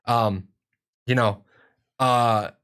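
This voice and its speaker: A man's voice: mid-range voice, steady tone, drawn-out words, fairly bright tone, clean tone. Profane rambling man hosting a stream. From Ireland. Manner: profane, rambling, frequent restarts. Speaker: live-stream host answering viewer questions. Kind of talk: casual live-stream Q&A.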